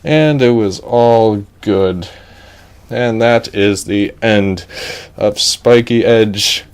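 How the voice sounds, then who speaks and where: A young man telling an improvised comic story in a rambling, deadpan way. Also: fairly low pitch, very slow, clear, resonant tone.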